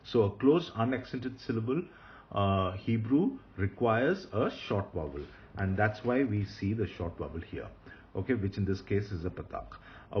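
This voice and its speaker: A muffled recording captures a lowish-voiced man teaching Hebrew grammar. He is patient, repeats what matters, and often stops with filler sounds.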